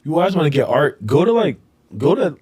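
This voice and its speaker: Husky-voiced young man telling stories. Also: on the high side, a little fast, no room sound, clean studio sound. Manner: animated storyteller, laughs often. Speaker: podcast co-host. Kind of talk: casual group chat.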